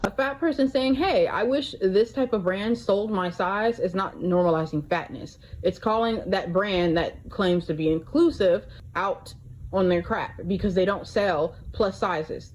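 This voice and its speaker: A woman's voice: medium pitch, darkish tone, poor audio. A woman hosting a reaction commentary, speaking emphatically and with exasperation. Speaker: commentary host.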